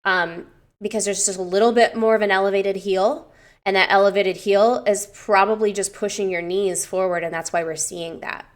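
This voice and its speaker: A young woman personal trainer casually reviewing clients' lifting technique, chatty and given to swearing and gushing excitement. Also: medium pitch, moderate pace.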